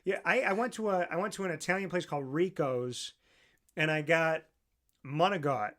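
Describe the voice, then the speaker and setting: Animated young man hosting a chat. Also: on the high side, normal speed. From central New York. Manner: animated storyteller, acts out voices in anecdotes. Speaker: podcast host. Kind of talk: casual chat.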